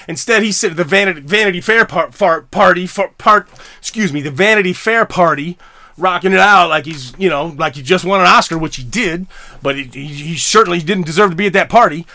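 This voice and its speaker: A man's voice: sits high, a little fast, pushed and bright, no room sound. A middle-aged man hosting a podcast, ranting angrily with heavy swearing and stammering restarts. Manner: profane, heated, stammering restarts. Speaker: podcast host. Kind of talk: angry solo rant.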